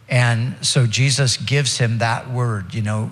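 Male pastor, mid-pitched, conversational sermon delivery with restarts, long hall reverb. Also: normal speed, few pauses, a bit bright. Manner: expository preaching with frequent restarts and fillers.

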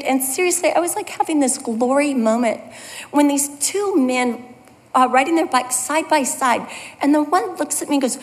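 A woman's voice: high voice, expressive, moderate pace. A woman teaching a Bible study in a conversational, self-deprecating storytelling manner. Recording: long hall reverb.

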